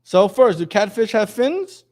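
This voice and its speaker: A man's voice: high-pitched, sing-song, measured pace, darkish tone. A man teaching a lesson to a class, quizzing his students in a jokey way and reading passages aloud. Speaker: religious teacher.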